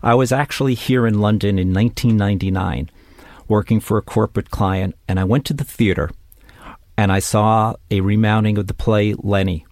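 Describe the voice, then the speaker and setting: A man's voice: lowish voice, fairly even intonation, normal speed, a little mellow, no echo. A man hosting an interview show, delivering an upbeat scripted introduction before interviewing his guest. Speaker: podcast host and interviewer.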